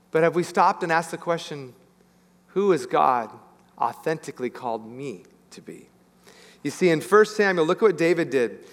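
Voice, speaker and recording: A male pastor preaching a sermon in an animated way, acting out voices as he tells stories. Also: a little high, long reverb tail. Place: church sanctuary.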